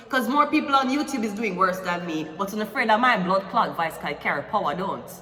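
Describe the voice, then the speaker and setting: A woman's voice: mid-range voice, expressive, fairly quick, few pauses, pushed and bright. A young woman with a Jamaican accent doing a tarot reading as a crude, confrontational, swearing rant. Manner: vulgar, confrontational, swears constantly. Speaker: tarot reader. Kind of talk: profane ranting tarot reading. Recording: echoey room from far off the mic.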